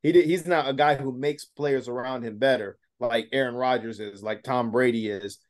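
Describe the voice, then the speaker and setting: A man's voice: medium pitch, steady tone, normal speed. A man co-hosting a casual sports podcast, giving earnest opinions and often repeating words as he restarts. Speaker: podcast co-host.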